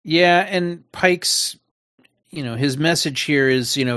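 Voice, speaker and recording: Man, mid pitch, dry close sound, sarcastic chat, co-host. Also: lively intonation, takes it slowly, pushed and bright, no room sound. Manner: sarcastic, laughs while talking. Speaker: podcast co-host. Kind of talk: casual discussion.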